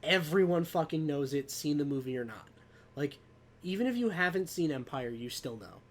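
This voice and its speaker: A man's voice: on the high side, expressive, moderate pace. A man co-hosting a podcast in casual chat, easygoing and agreeable, with some casual swearing. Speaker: podcast co-host.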